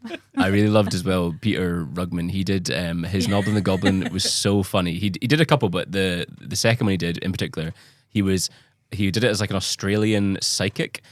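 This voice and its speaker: A man's voice: low-pitched, fairly even intonation, a little fast. A man, a podcast guest telling cheeky, jokey stories in casual chat.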